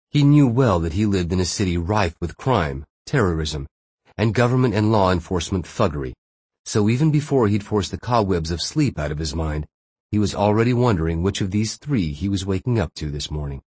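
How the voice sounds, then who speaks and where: A man narrating a thriller audiobook in a steady, measured way. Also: low voice, husky, dry recording.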